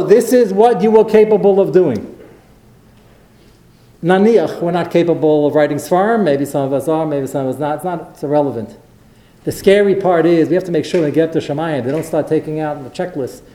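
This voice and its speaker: A man delivering a Torah lecture, telling stories with animated, acted-out quotes. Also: a little high. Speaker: rabbi. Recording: roomy echo.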